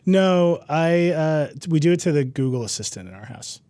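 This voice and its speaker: A man hosting a casual tech podcast, talking with wry, quick asides. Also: a little high, lively intonation, dark tone, no room sound. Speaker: podcast host.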